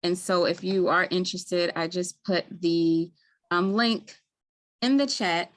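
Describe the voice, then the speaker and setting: A woman's voice: lowish voice, takes it slowly. Baltimore woman hosting a webinar. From Maryland, US. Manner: friendly, chatty, many ums. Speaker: webinar host, community health worker. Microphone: video call.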